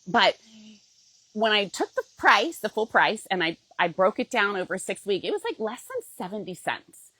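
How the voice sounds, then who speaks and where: A woman's voice: mid-range voice, big pitch swings, normal speed, pushed and bright, husky, dry recording, low-quality recording. A middle-aged woman coach talking straight to her viewers in a heartfelt, emotional way, often checking in with "okay?". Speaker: fitness program coach. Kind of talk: heartfelt direct-to-camera pitch.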